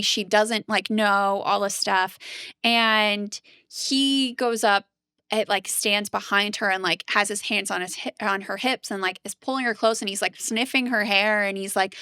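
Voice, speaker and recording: Bright, crisp-voiced woman podcast co-host. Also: medium pitch, normal speed, no echo, clean studio sound. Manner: animated storytelling with frequent "like". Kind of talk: casual recap chat.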